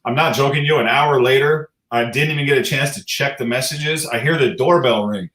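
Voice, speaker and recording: A man's voice: mid-range voice, fairly quick, hardly any pauses, a bit bright, roomy sound, poor audio. A man in his thirties, a rapper, chatting loosely in an interview, swearing and laughing as he tells stories. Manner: loose, profane, laughing storyteller. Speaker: guest rapper. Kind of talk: casual interview chat.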